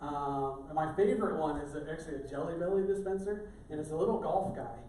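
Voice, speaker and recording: A man's voice: a little high, fairly quick, warm tone, slight background noise. A middle-aged male pastor giving a sermon in a conversational, joking way. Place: church sanctuary. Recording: echoey church room, distant mic.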